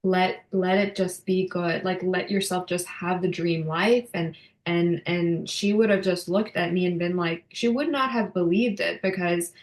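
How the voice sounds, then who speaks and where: A woman in her thirties talks with feeling as a guest in a casual interview, her sentences full of restarts and fillers. Her voice sits fairly low for a woman, and the room around her has a noticeable echo. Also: fairly even intonation, measured pace, hardly any pauses. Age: 30s. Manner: emotional, many fillers and restarts. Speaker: podcast guest. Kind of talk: casual heartfelt interview talk.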